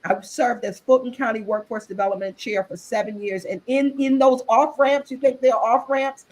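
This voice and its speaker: A woman's voice: on the high side, steady tone, moderate pace, low-quality recording. A woman speaking as a guest author and executive in an interview over a video call. She talks with earnest, faith-driven conviction and often restarts or repeats her words. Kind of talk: impassioned interview talk.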